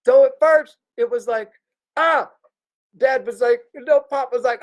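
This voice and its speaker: A man's voice: very high-pitched, measured pace, muffled recording. A man hosting a livestream, telling a crude, joking story in a loose, digressive way. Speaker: livestream host. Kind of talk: rambling anecdotal storytelling.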